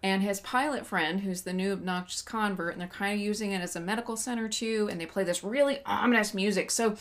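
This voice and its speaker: A woman's voice: medium pitch, fairly even intonation, fast, a bit bright. A woman co-hosting a casual podcast chat, recapping a movie plot with sarcastic asides. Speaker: podcast co-host reviewing a movie.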